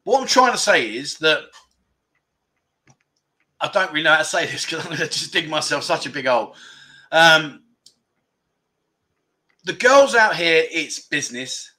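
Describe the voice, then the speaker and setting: A man's voice: a little high, expressive, moderate pace, pauses often, bright, forceful tone. A man from England hosting a casual livestream, chatting and reading out viewer comments in a rambling, self-deprecating way. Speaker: livestream host. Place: indoors at home.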